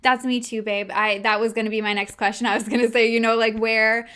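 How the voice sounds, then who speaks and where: A woman's voice: a little high, level tone, a little fast, sharp tone, smooth. A woman hosting a podcast, asking questions in a casual, friendly, affirming way. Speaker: podcast host. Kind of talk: casual interview.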